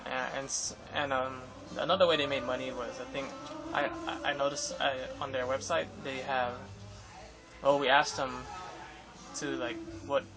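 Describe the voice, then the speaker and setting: Rambling young man with gravelly voice. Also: mid-range voice, little pitch movement, moderate pace, poor audio. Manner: rambling, many fillers and restarts. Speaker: vlogger. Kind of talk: casual summary of an interview. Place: Los Angeles area. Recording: music playing behind.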